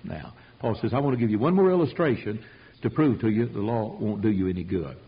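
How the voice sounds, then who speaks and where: A man's voice: lowish voice, expressive, fairly quick, breathy edge, dull audio. A man teaching a Bible study sermon in a folksy, emphatic way, acting out quotes, heard on an old tape recording. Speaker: preacher teaching a Bible class.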